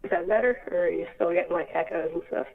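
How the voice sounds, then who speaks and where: Gravelly woman caller on a tinny phone line. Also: on the low side, fast talker. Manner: apologetic, hesitant. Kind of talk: casual call-in chat.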